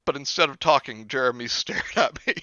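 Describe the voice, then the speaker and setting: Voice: mid-range voice, brisk, sharp tone, dry recording, muffled recording. A stream host reading a bad book aloud and mocking it sarcastically, laughing often. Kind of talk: mocking read-along chat.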